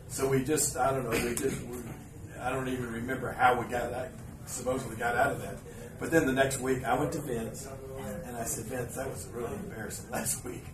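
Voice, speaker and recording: A man spins a loose, meandering story for a live crowd, stopping and restarting his sentences as he goes. His voice is mid-pitched and sits back from the mic in an echoey hall, with steady room noise around it. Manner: rambling, filler-heavy anecdote with frequent restarts and asides. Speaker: podcast host. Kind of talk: storytelling before a live audience. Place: live event venue. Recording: roomy live venue, mic at a distance, background noise.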